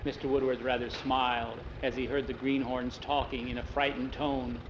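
A man telling a story in a relaxed, homespun way, acting out each character as he goes, in a roomy, dull lo-fi recording. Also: medium pitch, background noise. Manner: unhurried, homespun, acts out the characters. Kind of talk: oral storytelling.

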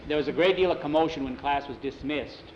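A man's voice: fairly high pitch, fast talker, echoey room. A man telling a story in a homespun, meandering way. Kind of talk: oral storytelling. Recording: dull lo-fi recording with faint noise.

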